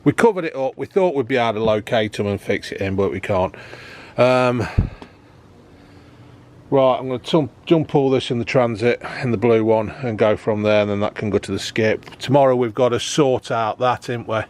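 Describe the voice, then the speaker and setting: A man's voice: medium pitch, normal speed, darkish tone. A man chatting casually to camera about his camper van build, joking and filling gaps with ums and uhs. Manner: chatty, joking, lots of fillers.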